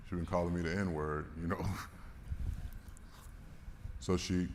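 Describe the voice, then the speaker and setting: A man's voice: low-pitched, steady tone, slow pace, long pauses, darkish tone. A man giving a candid, emotional storytelling talk at a conference, swearing and laughing now and then. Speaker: conference speaker. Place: large conference hall. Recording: reverberant hall with faint noise.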